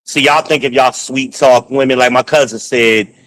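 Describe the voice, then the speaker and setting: Profane, animated man ranting at home. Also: medium pitch, moderate pace, poor audio. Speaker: podcast host. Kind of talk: casual ranting vlog. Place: at home, moving between rooms.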